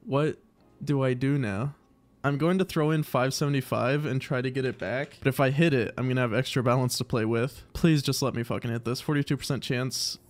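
A man's voice: mid-range voice, steady tone, brisk. A man giving casual commentary while opening online game cases, pleading and swearing in exasperation. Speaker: case-opening YouTuber.

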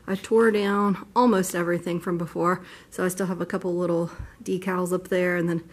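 A woman's voice: lowish voice, flat delivery, fairly quick. A woman in her thirties, a second grade teacher, chatting casually and rambling a bit as she films a vlog from her car and classroom.

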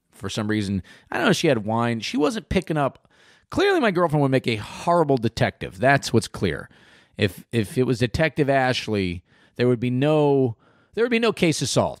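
A man, a comedian hosting his podcast, telling a story with lots of swearing and high-pitched quoted voices. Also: dry recording, studio quality. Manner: profane, animated, acts out quotes in high voices. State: sweating. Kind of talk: comic storytelling monologue.

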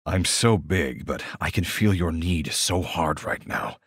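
A man voicing a huge, protective, dominant alpha shifter man with a low, intimate, commanding delivery, in an audiobook romance. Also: measured pace, a bit bright, slightly rough, dry recording, studio quality, exaggerated voice. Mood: tender.

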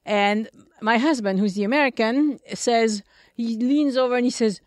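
A woman's voice: on the high side, normal speed, no room sound. A woman with a French accent hosting a podcast, chatting playfully about pronunciation and laughing easily. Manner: playful, laughs often, switches between English and French. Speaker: podcast host. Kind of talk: casual chat about pronunciation.

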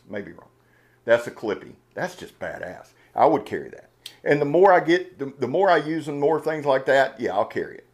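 An excitable man talks through a box of knives in a loose vlog style. He wears his heart on his sleeve, restarting his sentences and rambling as he gets worked up. His voice sits at an ordinary middle pitch. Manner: fired-up, earnest, emotional, rambling with restarts. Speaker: knife channel host. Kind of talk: casual unboxing vlog talk.

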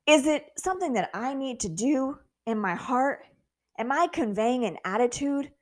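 A woman hosting a faith-based motivational podcast, talking earnestly and encouragingly, acting out her prayers in animated voices and laughing at herself. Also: sits high, normal speed. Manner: candid and self-mocking, laughs at herself. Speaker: podcast host.

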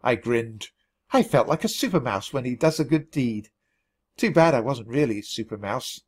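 Guy reading a kids story out loud, super animated, voice bounces all over. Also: medium pitch, moderate pace, slightly rough. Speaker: storybook reader. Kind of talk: storybook narration for learners.

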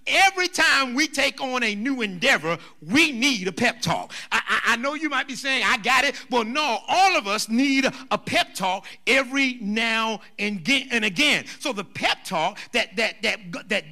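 Fervent preacher with a bright, high voice. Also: male voice, expressive, normal speed, hardly any pauses. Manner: preaching with rising fervor, stretched emphatic phrases, sing-song cadence. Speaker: senior pastor. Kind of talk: sermon. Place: church, streamed virtual worship.

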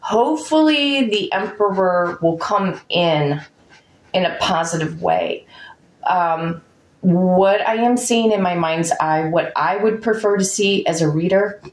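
A woman giving a chatty tarot reading to her viewers, musing aloud over each card. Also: lowish voice. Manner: chatty, talks to her dog between cards. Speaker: tarot reader. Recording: echoey room.

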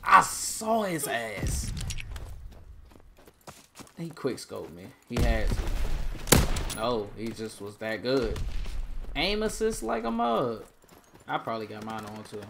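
A man giving casual, joking commentary while playing a shooter game, with sudden loud bursts of excitement. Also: medium pitch, takes it slowly, vocal fry, pauses often, very noisy. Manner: joking, loose and self-mocking. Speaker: gamer.

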